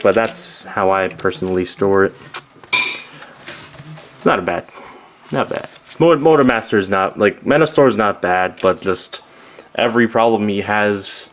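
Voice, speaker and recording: A man's voice: fairly low pitch, slight background noise. A man giving a casual, rambling toy review, often correcting himself mid-sentence. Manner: rambling, self-correcting, offhand.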